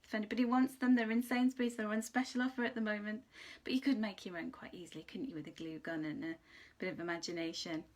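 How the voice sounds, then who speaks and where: A woman giving a chatty, rambling angel card reading, sometimes dropping into soft whispered asides. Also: mid-range voice, fairly even intonation, fast. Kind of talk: casual spiritual card reading.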